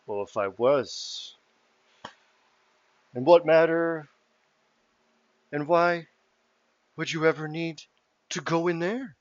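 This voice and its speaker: A man voicing a prim, suspicious male gatekeeper who questions in a slow, formal way. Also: on the high side, dry recording, muffled recording, voice pushed up. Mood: wary.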